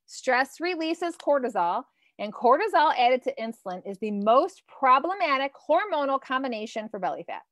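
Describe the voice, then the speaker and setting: A woman's voice: high-pitched, sing-song, normal speed, a bit bright, dry recording, studio quality. A woman in her thirties, a nutrition coach on a live stream, talking casually and swearing freely as she reads out viewer comments.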